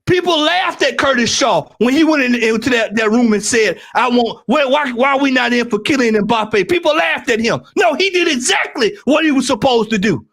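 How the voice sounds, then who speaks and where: A man on a football fan stream, ranting heatedly with lots of repetition and frequent shouting. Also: very high-pitched, lively intonation, normal speed, few pauses. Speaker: football podcast panelist.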